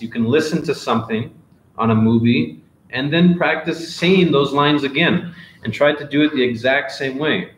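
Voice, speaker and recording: A man answering viewer questions in a live online English class, in a relaxed and encouraging teacher's manner. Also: medium pitch, reverberant, a little hiss or hum, rough recording. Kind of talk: live Q&A office hours.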